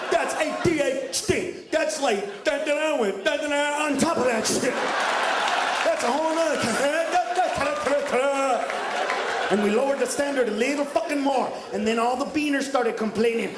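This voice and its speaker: Casting: male stand-up comic, loud, profane and ranting, live club recording, echoey, with a roaring audience. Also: extremely high pitch, normal speed, crowd noise, noisy background. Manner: profane, ranting, shouting punchlines. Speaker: stand-up comedian. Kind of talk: stand-up comedy set. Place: comedy club stage.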